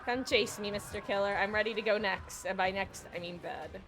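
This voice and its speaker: A woman's voice: mid-range voice, moderate pace, music in the background. A young woman streaming a game, sleep-deprived and yawning, chatting in a rambling, giggly, self-deprecating way. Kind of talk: casual gaming stream chat.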